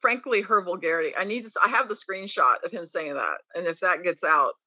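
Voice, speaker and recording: A woman's voice: lowish voice, fairly quick, no room sound, muffled recording. A woman guest in a podcast interview, telling candid stories and acting out quoted people. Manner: candid, animated storytelling with quoted voices.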